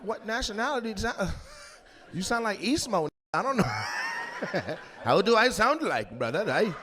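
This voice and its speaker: A man doing stand-up crowd work in a live comedy venue, teasing the audience in a brash, profane way with loud bursts. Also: high voice, sing-song, moderate pace.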